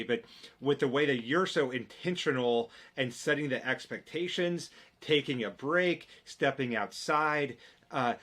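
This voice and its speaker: A male podcast host with a medium-pitched voice talks with his guest. He affirms what the guest says and reflects on it in a calm conversational way.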